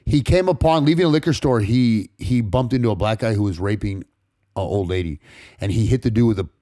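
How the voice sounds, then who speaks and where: A man from California's San Fernando Valley, a podcast guest telling a personal story in rapid, profane street talk full of restarts. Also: on the low side, mellow, no echo, studio quality. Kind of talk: casual storytelling interview.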